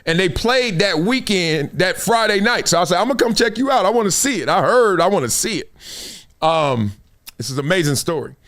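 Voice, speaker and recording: A man's voice: a little high, fairly bright tone, smooth. A middle-aged man with a Los Angeles accent hosting a live show, telling a casual story and acting out the scenes and quotes. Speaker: show host.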